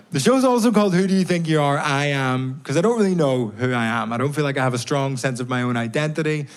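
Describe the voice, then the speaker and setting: A Northern Irish man in his thirties doing a stand-up set in a club, ranting with sardonic, mock-exasperated edge. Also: fairly high pitch. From Belfast, Northern Ireland. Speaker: stand-up comedian. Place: comedy club basement with a live audience. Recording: live club recording with audience laughter. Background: audience laughter and applause.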